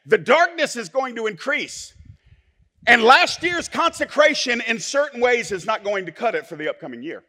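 A male pastor, preaching a sermon that swings from soft, low asides to loud, forceful declarations. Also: sing-song, fairly quick, hardly any pauses.

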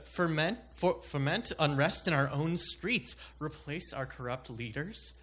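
A man's voice: on the high side, lively intonation, unhurried, fairly bright tone. A man making a comedic argument with a chuckle in his voice. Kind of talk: comedic debate bit. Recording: faint background noise.

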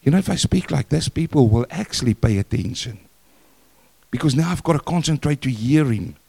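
An older man preaching a sermon in church, questioning the congregation and swinging between loud and soft. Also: medium pitch, expressive, a little fast, vocal fry, husky. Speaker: pastor.

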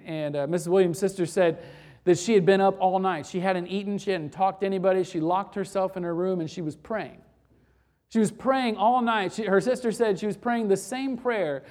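A preacher delivering a sermon, building to intense repeated lines and dropping to quiet, with frequent restarts. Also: mid-range voice, normal speed. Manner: swings from rising intensity to quiet, repetitive cadences.

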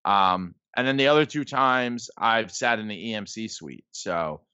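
A man in his thirties, a podcast guest, tells stories casually and rambles, packing his speech with "like" and "um." His voice is lowish, unhurried, pushed and bright, clear and resonant, recorded dry on dull lo-fi podcast audio.

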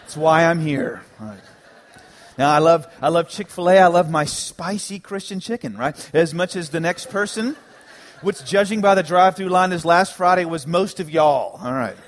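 Pastor, man, higher voice, preaching with lively humor and punchy repeats. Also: moderate pace. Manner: animated, joking preacher with emphatic repetitions. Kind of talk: sermon. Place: church sanctuary.

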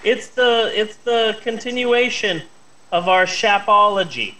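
A man co-hosting a casual chat show, animated and swearing freely. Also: high voice, measured pace, rough recording. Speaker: co-host.

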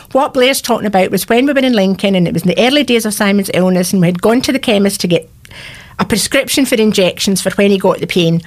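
A woman in her sixties, a radio guest telling a personal faith story in an earnest, heartfelt way, her voice sometimes cracking. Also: medium pitch. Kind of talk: radio interview, personal testimony.

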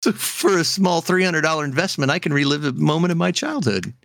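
Man co-hosting a podcast, lively pitch, bright voice, dry close sound, joking and laughing a lot. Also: a little fast, vocal fry, no room sound. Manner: laughs often, animated and joking. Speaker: podcast co-host. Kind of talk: casual chat.

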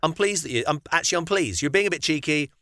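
British male co-host, bright tone, reflective, lively pitch. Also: no room sound, clean studio sound. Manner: reflective, halting, thinks aloud. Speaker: podcast co-host. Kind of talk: casual chat.

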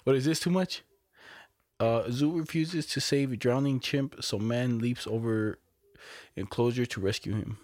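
Ein junger Mann im lockeren Gespräch, der entspannt Geschichten erzählt, oft flucht und lacht. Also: male voice, mid-range voice, a little slow, darkish tone, no echo. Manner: laid-back storytelling, swears, laughs often. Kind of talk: casual chat.

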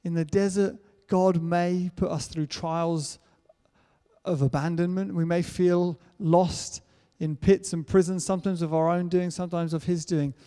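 A man's voice: high voice, fairly even intonation, measured pace, mellow, clean tone. A man preaching a sermon in an earnest way, building to emphatic declarations. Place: church hall. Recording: church hall reverb.

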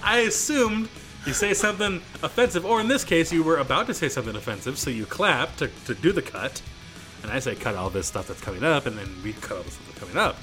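A man's voice: on the high side, expressive, quick pace, sharp tone, faint music behind. A man in his thirties, co-hosting a podcast and rambling through stories with frequent laughter. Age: 30s. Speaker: podcast co-host. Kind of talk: casual podcast banter.

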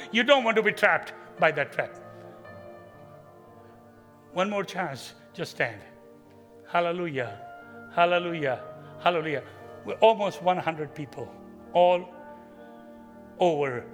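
A man preaching an altar call, pleading with listeners to stand and repent, then praying over them, swinging between fervent bursts and hushed prayer. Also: high voice, lively intonation, slow pace, long pauses, in a large hall, soft background music.

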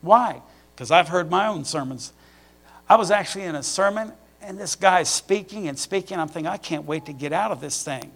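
Middle-aged male pastor, sermon, gravelly and a bit high-pitched, personal storytelling that builds to emphatic peaks. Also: brisk, a bit bright.

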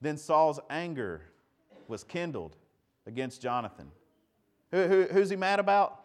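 A man's voice: a little high, lively intonation, a little slow, a little mellow. A man preaching a sermon in a conversational way, asking rhetorical questions and often repeating words. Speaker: pastor.

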